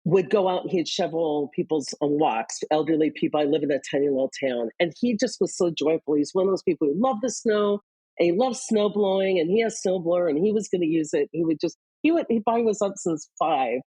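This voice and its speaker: A woman from Iowa in the US Midwest, a leadership author, appears as an interview guest and candidly shares personal stories in a low, husky, mellow voice. She shifts between quick bursts and slower pauses. The recording is dry, close and rough, with no room sound.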